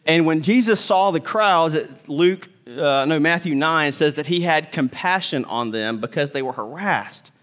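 Male pastor, high voice, animated sermon delivery with acted-out quotes and hushed tender moments. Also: a little slow, few pauses. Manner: animated, acts out quoted voices, drops to soft tender tones.

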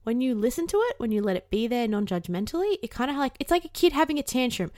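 A young woman talks candidly about her feelings in a casual advice vlog, swearing freely along the way. Her voice sits a little high. The sound is close and dry, with no room around it. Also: sing-song, quick pace, a little mellow, dry recording. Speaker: self-help vlogger. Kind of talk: casual advice talk to camera.

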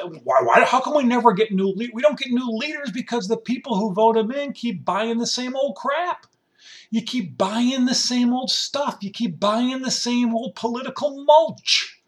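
A man's voice: very high voice, animated, moderate pace, far from the mic. A middle-aged man in a casual ranting monologue, sarcastic and rambling, who drops into grumbling voices to mimic people who complain. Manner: rambling with restarts and repetition. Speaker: commentator.

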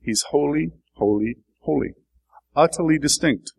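A man's voice: a little high, a little slow, gravelly, husky, low-quality recording. A man giving a sermon, explaining scripture in a thoughtful way and building to emphatic bursts. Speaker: preacher.

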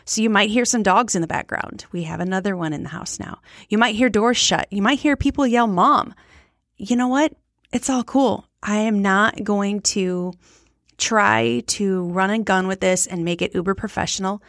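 A woman's voice: medium pitch, normal speed, no echo, studio quality. A woman in her forties hosting her own podcast, talking frankly and chattily in a rambling, unscripted way. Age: 40s. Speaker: podcast host. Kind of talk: casual solo podcast chat.

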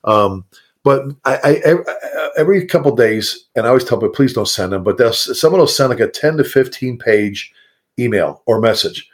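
A middle-aged man, a fire chief, talking casually and animatedly, jumping into high mocking voices for people he quotes. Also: expressive, normal speed. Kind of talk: casual podcast conversation.

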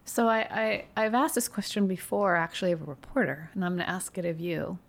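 A woman hosting a podcast interview, asking her guest curious questions at a quick clip. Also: on the low side, steady tone. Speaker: podcast host.

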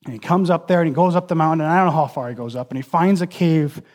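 Man, high voice, sermon, earnest, emphatic. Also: quick pace, darkish tone. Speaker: preacher.

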